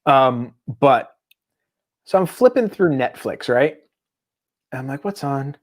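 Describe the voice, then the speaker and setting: A man's voice: mid-range voice, very animated, takes it slowly. A man co-hosting a podcast, talking in a rambling, tangent-prone way. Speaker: podcast co-host. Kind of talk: casual chat.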